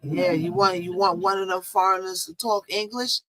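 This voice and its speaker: A woman's voice: fairly even intonation, normal speed, dry recording, low-quality recording. Teasing woman hosting a gossip livestream. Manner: teasing, loud sudden jumps in pitch; chatty, repetitive. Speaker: live-stream show host. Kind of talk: casual live-stream gossip talk.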